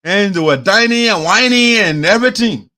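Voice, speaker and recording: A Liberian man hosting an opinionated commentary show. He talks in an animated way, mixes in phrases of his local language, and mimics the people he talks about. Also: high-pitched, moderate pace. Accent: Liberian English. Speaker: host.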